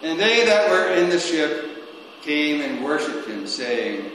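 Slow halting preacher in echoing hall. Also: male voice, on the high side, sing-song, a bit bright, a little hiss or hum. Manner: halting, with frequent restarts and repeated words. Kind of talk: sermon on scripture. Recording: very echoey hall with long reverb and faint ambience.

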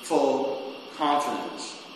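Male preacher, mid-pitched, slow and halting, with lots of restarts; recorded in a cavernous, reverberant hall. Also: lively intonation, slight background noise. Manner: halting, with frequent restarts and repeated words. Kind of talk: sermon on scripture. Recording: very echoey hall with long reverb and faint ambience.

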